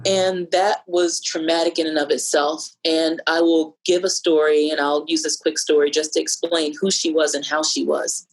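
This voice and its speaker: Low-voiced woman telling a personal story. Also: flat delivery, rough recording. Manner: reflective, measured, many fillers. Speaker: podcast guest sharing a personal story.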